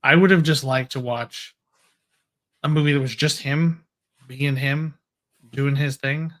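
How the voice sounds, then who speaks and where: Guy hosting a movie podcast, normal pitch, chatty and excited, laughs a lot. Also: a little slow. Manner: enthusiastic, chatty, laughs often. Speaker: podcast co-host. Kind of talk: casual movie discussion.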